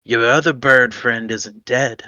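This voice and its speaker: A man voicing a taunting male devil who bargains for souls. He speaks slowly and quietly, with a mocking edge. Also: mid-range voice, fairly even intonation, dry recording, lo-fi sound.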